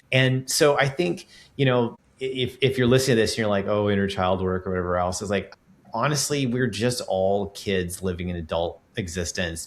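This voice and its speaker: A man's voice: medium pitch, a bit bright. A man hosting a podcast interview, talking in a reflective, rambling way with frequent restarts. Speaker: podcast host. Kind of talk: casual interview conversation.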